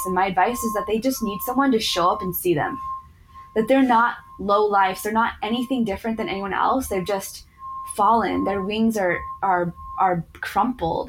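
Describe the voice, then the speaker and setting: With a medium-pitched voice over background noise, a thirties-aged yoga teacher recovering from addiction earnestly recounts experiences from her job as a conversation guest, frequently saying "like."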